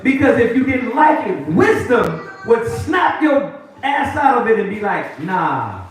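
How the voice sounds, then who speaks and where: A man preaching to a group, animated and mocking the voices of others. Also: extremely high pitch, measured pace, faint music behind. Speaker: street preacher. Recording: echoey room from far off.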